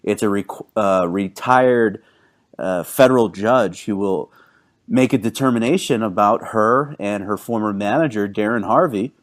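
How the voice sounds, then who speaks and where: A man co-hosting a casual podcast, telling stories in a halting, rambling way with lots of fillers and restarts. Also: fairly low pitch. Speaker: podcast co-host.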